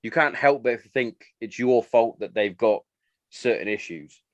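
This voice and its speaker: Lively-voiced man, chatty storyteller. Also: mid-range voice, a little slow, dry recording, dull audio. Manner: chatty storyteller acting out his family's lines. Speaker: podcast host. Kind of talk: casual chat.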